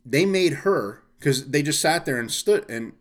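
A man's voice: on the high side, measured pace. A man telling a story in casual chat, ranting and swearing with lots of energy. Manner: profane, animated ranting.

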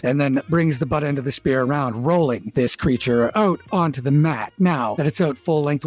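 A man with a voice a touch higher than most men's hosts a tabletop game as dungeon master. He tells each scene with vivid storytelling narration and talks straight to the players. Faint music sits under his voice. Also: a little mellow.

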